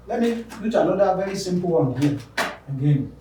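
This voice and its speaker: A man's voice: high-pitched, animated, normal speed, dark tone, a little hiss or hum. A man teaching word stress, repeating each word and contrasting wrong and right stress. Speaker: English pronunciation teacher. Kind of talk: classroom lesson. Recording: very echoey room, voice from far off.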